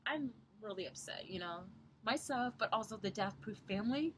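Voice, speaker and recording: A woman's voice: animated, moderate pace, fairly bright tone, slightly rough. A young woman from Southern Ontario giving a rambling, profane review of a wrestling show, keeping her voice down so she doesn't wake the house. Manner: talks low to avoid waking others. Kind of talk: casual vlog review.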